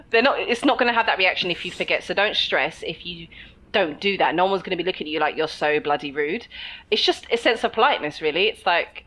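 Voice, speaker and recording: Chatty English woman, lowish voice. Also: fast, fairly bright tone, poor audio. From England. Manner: chatty, laughing, frank. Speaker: podcast co-host. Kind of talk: casual podcast chat.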